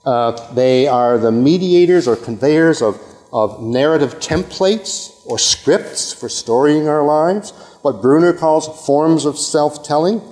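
A man's voice: a little high, slow pace, a little mellow. An older man from Canada giving a rambling academic lecture, breaking off mid-sentence and checking in with his audience through frequent okays. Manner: rambling, self-interrupting, with frequent okays and asides. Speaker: university lecturer. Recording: long hall reverb.

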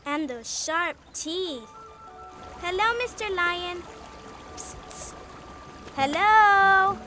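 A woman's voice: extremely high pitch, animated, unhurried, a bit bright, soft background music, full character voice. A woman voicing a timid, fretful female cartoon cow who frets anxiously. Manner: anxious, panicky chatter.

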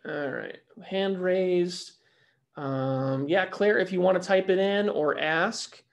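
Gravelly, fairly high-pitched man on a webinar. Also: takes it slowly. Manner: relaxed, explanatory, repeats phrases as he thinks. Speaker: webinar co-host answering grower questions. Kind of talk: casual live webinar Q&A.

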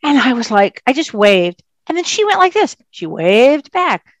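A woman, a psychic medium, telling her story in a casual interview with an animated, emphatic manner. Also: high-pitched, normal speed, dry recording.

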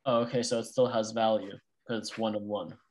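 A man's voice: fairly low pitch, little pitch movement, brisk, darkish tone. A male student asking questions in class, hesitant and full of fillers. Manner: hesitant, uses many fillers like "like".

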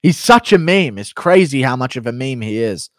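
A man's voice: medium pitch, expressive, normal speed, no echo, clean studio sound. Crude, joking male streamer. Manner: crude, profane, joking banter while reading donations. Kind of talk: casual live-stream chat.

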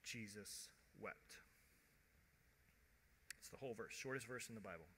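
A man preaching a sermon as pastor, conversational, acting out quoted voices and dropping to a hush at tender moments. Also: mid-range voice, racing, a little hiss or hum. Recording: long church hall reverb.

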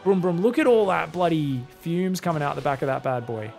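Aussie guy casting a game by himself, gravelly voice, jokey and chatty. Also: a little high, very animated, fairly quick, darkish tone, faint music behind. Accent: Australian. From Australia. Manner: joking, chatty, teasing asides. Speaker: esports caster. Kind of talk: solo game commentary.

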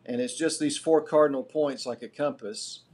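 Husky-voiced man lecturing a class. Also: medium pitch, a little mellow. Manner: earnest teaching, builds points deliberately. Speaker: guest lecturer.

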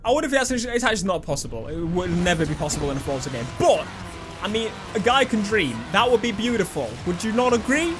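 A young man giving cheeky, sweary, excitable commentary while playing a video game. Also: high-pitched, quick pace. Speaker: gaming YouTuber. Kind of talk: casual gameplay commentary. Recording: game music playing underneath.

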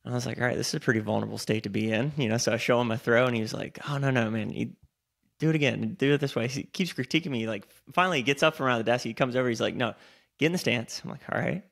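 A man, co-hosting a podcast in casual chat and telling animated, swear-laced stories. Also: medium pitch, racing, vocal fry. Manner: animated storyteller, swears freely. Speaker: podcast co-host.

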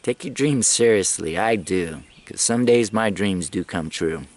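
A middle-aged man talks through a casual travel vlog in a low voice. He rambles from one story to the next and chuckles as he goes. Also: measured pace, darkish tone, no echo. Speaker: travel vlogger.

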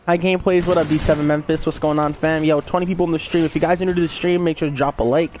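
A man's voice: a little high, steady tone, racing, a little mellow, a little hiss or hum. A young man live-streaming a game, casually greeting his viewers by name over a gaming headset.

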